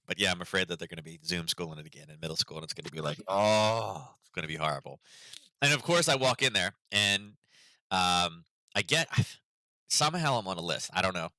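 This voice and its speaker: Low-pitched guy rambling on a market stream, sharp bright tone, dry sound. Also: dry recording. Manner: rambling, chatty storytelling with many fillers. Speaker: market analysis host. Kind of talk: casual livestream chat.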